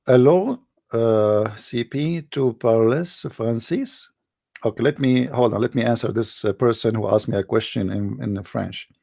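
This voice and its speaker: A man playing a gravelly, boastful mock preacher. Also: medium pitch, a little slow, mellow. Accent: Arabic. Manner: rambling, boastful, mock-solemn. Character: mock-pompous self-styled male preacher, middle-aged. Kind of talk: satirical livestream monologue.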